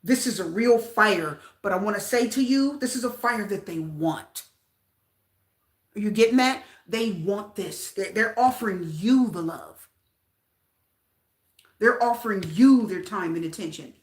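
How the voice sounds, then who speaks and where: A woman's voice: medium pitch, a little slow, reverberant. A woman giving a casual tarot reading, talking straight to her viewers and repeating phrases for emphasis. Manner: animated, repeats phrases, addresses viewers directly. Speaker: tarot reader.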